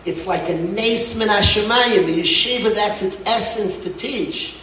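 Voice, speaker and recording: Impassioned high-voiced man, off-mic preaching. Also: measured pace, far from the mic, a little hiss or hum. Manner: impassioned, swinging between soft and loud. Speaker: rabbi, head of a yeshiva. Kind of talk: sermon. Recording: echoey room, voice off-mic.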